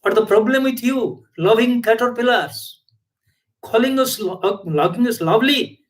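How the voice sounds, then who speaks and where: A man's voice: very high voice, moderate pace, pitched above the performer's own voice, poor audio. A man voicing a group of ugly caterpillars who plead with God in indignant questions in a spoken parable.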